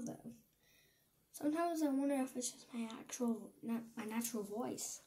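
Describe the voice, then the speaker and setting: A teenage girl with an American accent gives a casual movie review, rambling and excitable, often cutting herself off mid-thought. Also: fairly high pitch, takes it slowly, long pauses, roomy sound. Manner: rambling and excitable, self-interrupting.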